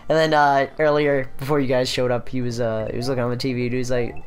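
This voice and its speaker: A woman's voice: very deep voice, flat delivery, fast. A woman co-hosting a casual gaming video, rambling through anecdotes, swearing freely and laughing often. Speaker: let's play co-host.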